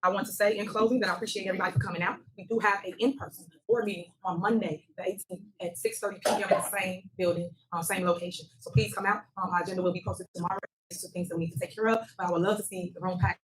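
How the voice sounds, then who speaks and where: Fast-talking woman mayor, hoarse. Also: on the low side, steady tone. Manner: brisk, informal, rallying the room. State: losing her voice. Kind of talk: town hall meeting announcements. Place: village hall meeting room. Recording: noisy public meeting recording.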